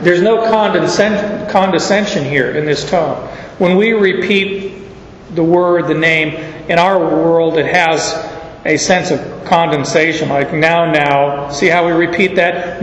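An older man delivers a sermon, unpacking scripture and weaving in personal stories in an unhurried, folksy way. His voice sits a bit high and moves at a very slow pace. The recording is dull and roomy, carrying the long echo of a large church hall. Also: a little hiss or hum. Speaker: pastor.

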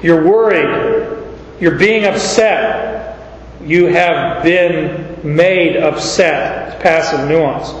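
A man's voice: on the high side, extremely slow, a little hiss or hum. A man preaching a sermon, explaining scripture in a folksy way with stories from his own life. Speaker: pastor. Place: large church hall. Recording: echoey dull church hall recording.

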